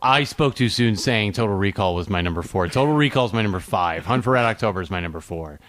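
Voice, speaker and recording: A man's voice: on the low side, animated, quick pace, a bit bright. A man co-hosting a movie podcast, chatting casually with wry, joking asides. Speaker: podcast co-host.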